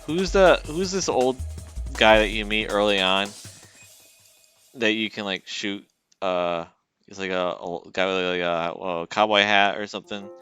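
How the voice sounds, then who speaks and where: A man's voice: on the low side, a little slow, fairly bright tone, clear, resonant tone, soft background music. A man streaming as a game developer, chatting casually and teasing his dog at home.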